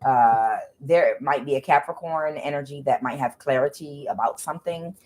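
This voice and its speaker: A woman's voice: extremely low pitch, normal speed, background noise. A woman doing a casual tarot reading, hesitant and full of filler sounds, often repeating herself. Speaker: tarot reader.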